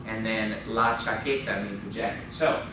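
A man's voice: lowish voice, fairly even intonation, moderate pace. Guy teaching spanish class, keeps asking okay?, echoey room, noisy far-off mic. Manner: explains patiently, asks the class questions, frequent "okay?". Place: church classroom.

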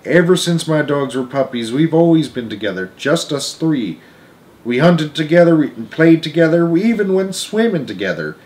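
A man's voice: a little high, big pitch swings, normal speed, darkish tone, pitched above the performer's own voice. A man voicing a grieving young boy in a storybook read-aloud, pleading and heartbroken.

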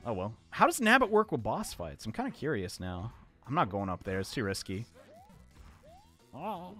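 A young man streaming a platform game live, chatting with viewers and yelling at his mistakes. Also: mid-range voice, measured pace, long pauses, faint music behind. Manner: animated, chatty, answers chat, swings to yelling at the game. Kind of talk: live gameplay commentary.

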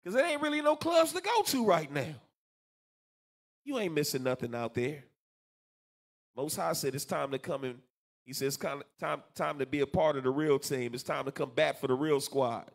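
This is a man teaching scripture to a congregation, his voice set high for a man and swinging widely up and down. He speaks, loose and colloquial. He keeps doubling his words to drive a point home. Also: normal speed, gravelly. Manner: animated, colloquial, repeats words for emphasis. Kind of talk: preaching scripture class.

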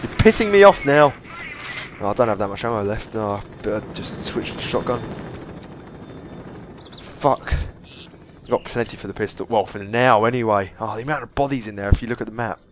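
A man's voice: lowish voice, fairly even intonation, fairly quick, background noise. Panicky swearing gamer man. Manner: swears a lot, panicky outbursts. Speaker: gameplay commentator. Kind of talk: let's play commentary.

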